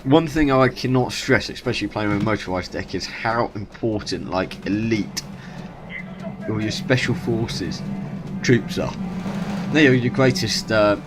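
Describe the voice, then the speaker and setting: A man's voice: on the low side, expressive, measured pace. Rambling man narrating gameplay, music behind. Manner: rambling, self-correcting, chatty. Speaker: gaming YouTuber. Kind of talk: gameplay commentary.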